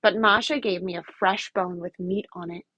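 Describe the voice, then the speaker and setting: A woman voicing a skinny watchdog who speaks low and steady, in reproach. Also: moderate pace, no echo, lo-fi sound, natural voice. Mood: reproachful.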